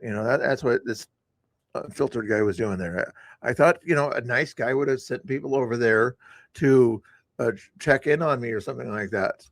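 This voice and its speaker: A man's voice: mid-range voice, moderate pace, gravelly, no room sound. An older man streaming, rambling in a chatty, self-mocking way as he talks to his viewers about a past stream. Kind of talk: rambling live-stream commentary.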